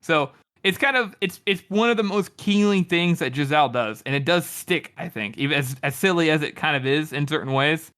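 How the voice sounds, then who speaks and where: A man's voice: fairly high pitch, lively intonation, fairly quick, hardly any pauses, a bit bright, clear, resonant tone. A man co-hosting a book podcast, retelling a scene casually and laughing often. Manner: giggly, laughs through retelling. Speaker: podcast co-host.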